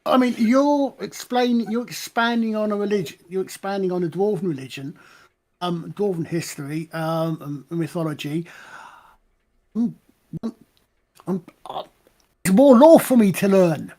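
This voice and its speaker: A woman's voice: medium pitch, normal speed, dark tone. A woman playing in a tabletop game, speaking casually with thoughtful hesitations. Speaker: player. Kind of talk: casual chat.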